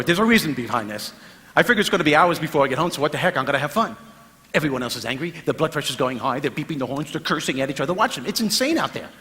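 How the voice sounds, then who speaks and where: A man giving a stand-up style motivational talk, animated and acting out voices for laughs. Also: a little high. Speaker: motivational speaker. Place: large hall with audience. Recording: live hall recording with reverb.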